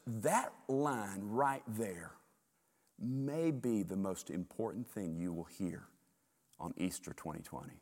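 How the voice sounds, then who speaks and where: A male pastor preaching a sermon with animated storytelling, repeating words in quick bursts. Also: fairly low pitch, long reverb tail.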